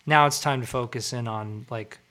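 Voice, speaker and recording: A man's voice: medium pitch, moderate pace, pushed and bright. A man, a father, talking in an easygoing way with lots of "like" and "you know". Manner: easygoing, filler-heavy storytelling. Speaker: parent. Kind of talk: casual podcast chat.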